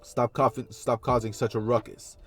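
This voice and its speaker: A man's voice: mid-range voice, flat delivery, moderate pace, fairly bright tone, faint music behind, close to an everyday voice. A man voicing a stern, tired male teacher who speaks bluntly and scolds his class.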